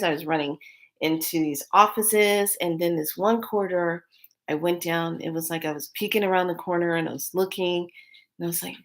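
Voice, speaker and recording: Low-pitched woman, casual animated storyteller, laughs a lot. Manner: animated, laughing, acts out quotes.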